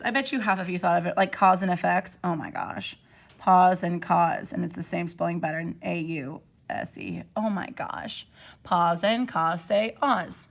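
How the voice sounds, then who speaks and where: A woman's voice: on the low side, very animated, slow, creaky, a bit bright. A young woman teacher giving a phonics lesson from home, thinking aloud and sounding out words to encourage her students. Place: home, during quarantine.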